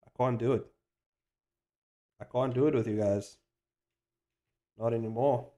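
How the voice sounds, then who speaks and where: In an unhurried, mid-range voice, a man animates on a live stream and chats casually about it. He's excitable and keeps hyping himself up, cursing freely while he rambles, restarts, and leans on slang.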